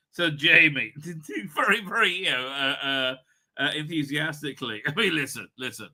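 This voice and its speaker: A man's voice: a little high, lively intonation, moderate pace, pushed and bright. A man hosting a live stream, rambling crudely and laughing often between his own remarks.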